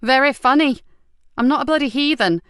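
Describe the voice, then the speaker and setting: A woman's voice: high-pitched, a little fast, a bit bright, clear, resonant tone, no room sound, studio quality, pitched above the performer's own voice. A woman reading an audiobook, voicing a defiant, hard-drinking female police inspector with a sardonic, bristling manner. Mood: indignant. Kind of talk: audiobook character voice.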